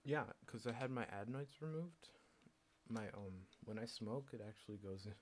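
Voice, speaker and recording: A man's voice: on the low side, moderate pace, a little hiss or hum. A young man streaming, rambling in a casual monologue, sardonic and swearing freely.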